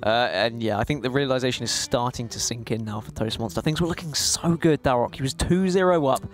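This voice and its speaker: A man with a West Country accent giving jokey, animated live commentary on a card game tournament. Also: mid-range voice, brisk, faint music behind. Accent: West Country English. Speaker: esports caster.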